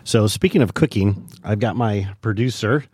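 Low-voiced male podcast host. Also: normal speed, darkish tone, breathy edge. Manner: asks short prompting questions. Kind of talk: casual interview.

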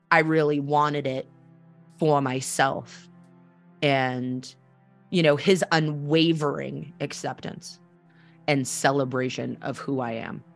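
A woman hosting a personal storytelling podcast, talking candidly and conversationally with frequent fillers. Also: sits low. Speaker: podcast host.

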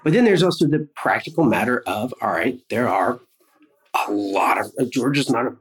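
A man as a podcast guest, talking in a thoughtful, measured way in casual conversation. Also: mid-range voice, lively intonation, rough recording.

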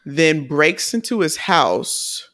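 A woman's voice: low voice, very animated, takes it slowly, fairly bright tone. A woman co-hosting a film review podcast, chatting casually in loose slang and laughing often. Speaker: podcast co-host.

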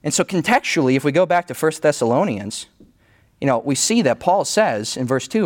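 A man's voice: fairly high pitch, expressive, fairly quick. A male pastor preaching a sermon in a conversational way, often restarting his phrases as he thinks aloud.

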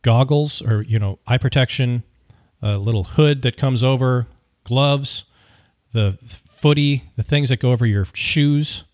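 A man hosts a podcast and tells a story in an opinionated, wry, animated way. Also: mid-range voice, unhurried, no room sound, clean studio sound. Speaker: podcast host. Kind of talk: casual storytelling.

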